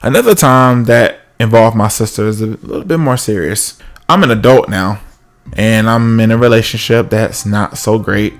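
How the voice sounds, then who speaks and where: A man's voice: lowish voice, normal speed. A man casually telling a comic personal story, acting out the other people's voices.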